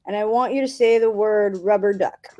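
A woman's voice: medium pitch, moderate pace, a little mellow. A woman guest in a casual live-stream chat, giggly and open about her nerves. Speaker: guest performer.

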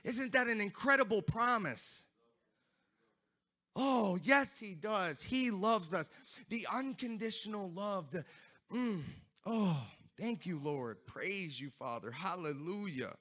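A man preaching a sermon, moving from quiet reflection to excited, shouted praise, with frequent laughs and exclamations. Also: high-pitched, takes it slowly. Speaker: pastor.

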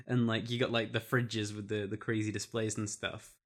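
Easygoing young man, low voice. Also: level tone, measured pace, a bit bright. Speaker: podcast co-host. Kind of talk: casual chat.

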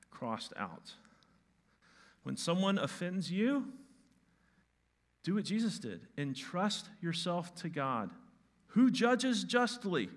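A male pastor giving a sermon, moving from hushed, soft lines to loud, emphatic ones. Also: medium pitch.

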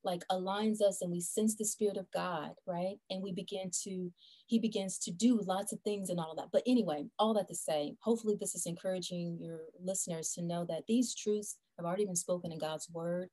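A woman's voice: lowish voice, steady tone, fairly quick, warm tone. Earnest woman guest repeating herself. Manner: earnest, repeats phrases, affirms often. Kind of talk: casual faith talk.

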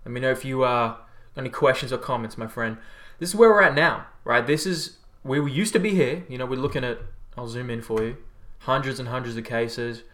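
Brisk and with few pauses, this fairly bright, medium-pitched voice belongs to an Australian livestreamer who also works as a health coach. He reads out viewer comments and rambles casually, relaxed and freely swearing.

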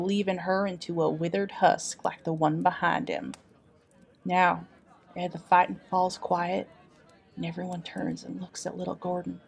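A woman's voice: lowish voice, vocal fry, a little mellow, exaggerated voice. A woman playing a folksy traveling adventurer who tells a dramatic tale with a homespun drawl in an improvised tabletop role-play. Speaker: player character storyteller.

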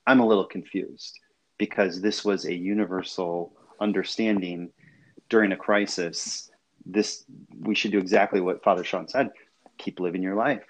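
A man's voice: sits low, fairly even intonation, moderate pace. A man hosting a discussion, talking casually and hesitantly, often repeating words. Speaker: host.

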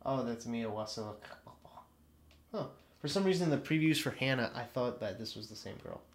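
A man's voice: medium pitch, lively intonation, fairly quick. A man co-hosting a podcast in loose casual chat, rambling and swearing, laughing often. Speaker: podcast co-host.

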